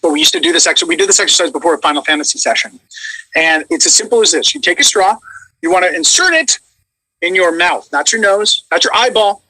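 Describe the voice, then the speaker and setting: A man who is a voice actor, chatting casually and coaching vocal warm-ups with animated demonstrations. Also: high voice, fast, vocal fry, no echo, low-quality recording.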